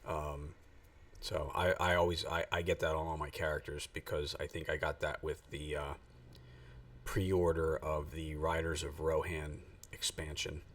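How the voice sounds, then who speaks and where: Deep-voiced chatty gamer man, mic a bit far. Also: level tone, a little slow. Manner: rambling, chatty, thinks aloud with many fillers. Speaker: game streamer. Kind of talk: casual live-stream gaming chat. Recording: voice distant from the mic.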